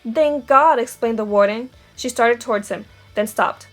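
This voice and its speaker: A woman's voice: fairly high pitch, moderate pace, faint music behind. A woman reading a novel aloud, giving the dialogue light character voices. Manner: steady storytelling with quoted dialogue. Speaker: audiobook reader.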